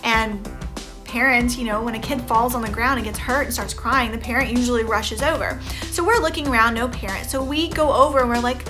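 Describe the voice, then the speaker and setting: Chatty higher-voiced woman vlogger. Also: brisk. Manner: chatty and rambling, many "you know" fillers. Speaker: vlogger reacting to an article. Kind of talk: casual reaction commentary. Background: background music.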